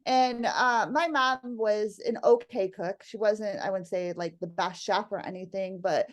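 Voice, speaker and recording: A middle-aged woman, a guest, telling a family story in casual chat, animated and laughing often, acting out what her family said. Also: mid-range voice, unhurried.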